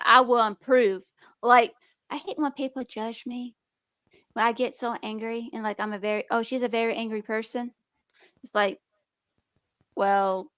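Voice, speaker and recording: A woman's voice: fairly high pitch, fairly bright tone, clean tone, no room sound. A young woman streamer chatting casually and rambling, with restarts and a speech impediment. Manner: rambling, restarts, talks about being nervous and defensive. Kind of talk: casual chat.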